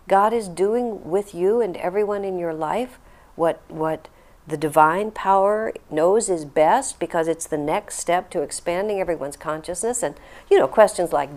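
A woman's voice: fairly low pitch, normal speed, a little mellow. An older woman, a spiritual teacher, talking to a group and telling an earnest, reflective story with acted-out quotes. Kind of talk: talk to a group, answering a question.

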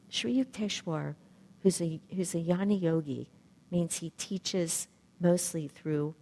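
Low-voiced woman giving a spiritual talk. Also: warm tone, long reverb tail. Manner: reflective, searching for words. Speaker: spiritual teacher.

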